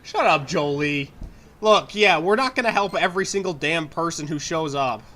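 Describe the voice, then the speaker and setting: A man's voice: a little high, a little fast, sharp tone. A young man giving casual, rambling commentary while playing a video game, swearing and laughing as he goes. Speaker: let's play gamer.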